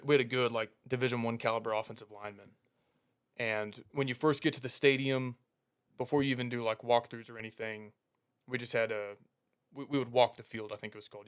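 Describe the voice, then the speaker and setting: This is a young adult man of middle pitch telling a story casually. He is animated, laughs through his punchlines and briefly acts out what his coaches said, all in an easy co-host chat. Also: smooth.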